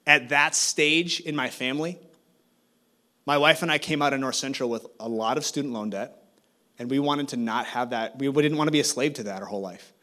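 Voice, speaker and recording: A middle-aged man from Minnesota preaching as a guest speaker, telling a story with lively energy and acting out each conversation in changing voices. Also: medium pitch, fairly quick. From Minnesota, USA. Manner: animated, acts out dialogue with shifting voices. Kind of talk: storytelling sermon.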